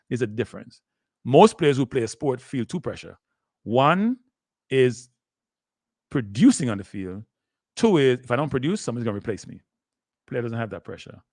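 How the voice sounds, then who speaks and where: An older man with a Jamaican accent and a mid-range voice hosts a live sports talk stream, recorded with clean studio sound and no echo. He rambles, slips into patois, and keeps speaking straight to his viewers as "people."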